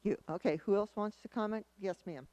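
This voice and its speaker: A woman mayor chairing a town meeting, explaining a contract and calling on speakers in a measured, procedural way. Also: medium pitch, mellow, no echo.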